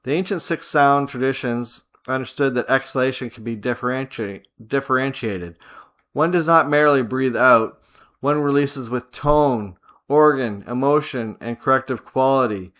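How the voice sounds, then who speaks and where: A man teaching a guided visualization, giving slow, measured commands and repeating short phrases like a chant. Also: mid-range voice, a bit bright. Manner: slow, repetitive, chant-like incantations. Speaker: spiritual teacher.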